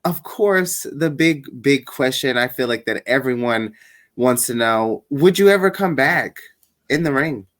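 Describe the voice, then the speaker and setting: A man hosting a casual interview, easygoing and quick to agree with his guest. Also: medium pitch, animated, fairly bright tone. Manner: easygoing, lots of agreeing backchannels. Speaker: podcast host, interviewer.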